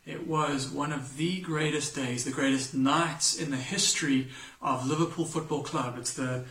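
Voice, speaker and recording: Slightly high-voiced male preacher in an echoey room. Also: normal speed. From England. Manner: relaxed storytelling, self-deprecating humor. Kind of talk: scripture reading and sermon. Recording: echoey room, mic at a distance.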